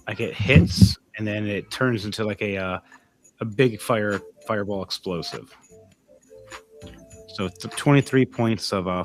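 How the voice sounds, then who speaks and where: Man, game master, tabletop narration, animated, filler-heavy, faint music behind. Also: lowish voice.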